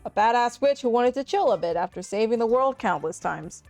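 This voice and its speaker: A woman's voice: on the high side, expressive, fairly quick, a little mellow, faint music behind. A woman streamer reading game narration aloud to friends, playful with giggly asides.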